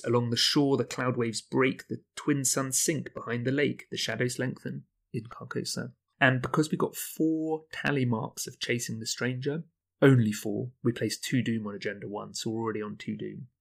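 Guy playing a card game solo, muttering thru every choice, mid pitch. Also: fairly bright tone. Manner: talks through choices, weighing options aloud. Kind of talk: thinking-aloud gameplay commentary.

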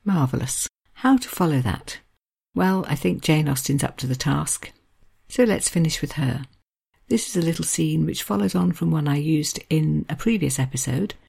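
A woman host leads a narrated talk with readings, measured and appreciative. Her voice is deep and mellow, with a strong gravelly fry and a breathy, husky edge.

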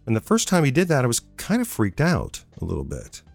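A man's voice: medium pitch, wildly swooping pitch, brisk, creaky, faint music behind. A man who once ran radio programming, telling a personal story in a conversational way and repeating phrases for emphasis. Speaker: former radio programming manager.

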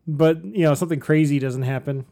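A man's voice: fairly high pitch, vocal fry, mellow. Rambling, joking man co-hosting a podcast. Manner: rambling, jokey, drawn-out asides. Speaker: podcast co-host. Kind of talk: casual chat.

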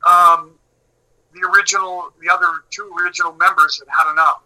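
A middle-aged man telling a long story in casual talk, animated and swearing, acting out what people said. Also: high-pitched, fairly quick, low-quality recording. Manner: animated, swearing, acts out quotes.

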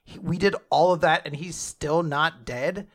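A man's voice: fairly high pitch, steady tone. A man co-hosting a podcast, casually recapping a manga chapter with jokes and asides. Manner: rambling, joking, quick asides. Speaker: podcast co-host.

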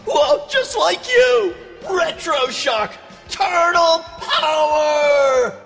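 A man voicing a hyped, shouty surfer-dude teenage mutant turtle in a promo clip with slang-filled delivery. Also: very high-pitched, animated, drawn-out words, creaky, full character voice. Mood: stoked. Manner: shouty, laid-back slang. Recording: roomy reverb over music. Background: music.

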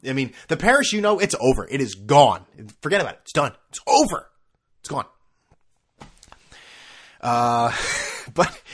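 In a casual solo podcast monologue, a young male host rambles loosely, piling up fillers and restarts. He sounds sarcastic and mocking, his pitch swooping up and down in a lively, animated way.

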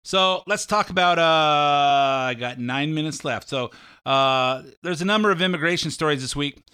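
A man's voice: fairly high pitch, normal speed, sharp tone, smooth, no room sound, studio quality. A male talk radio host giving rambling, opinionated commentary with frequent fillers.

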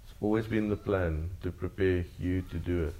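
A man's voice: low-pitched, steady tone, normal speed, dark tone. A man preaching a sermon to his congregation, earnest and repetitive in cadence. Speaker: pastor.

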